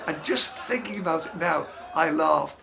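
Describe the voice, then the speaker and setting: A man's voice: on the high side, normal speed, gravelly, over loud music. A man, a band member, recalling a stage story and laughing through it as he talks. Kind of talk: anecdote telling.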